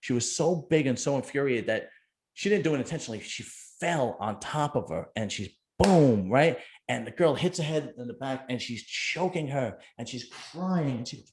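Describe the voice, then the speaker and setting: A man's voice: medium pitch, animated, brisk, a little mellow. A middle-aged man, hosting a casual chat and telling a rambling, joking story. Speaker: podcast host.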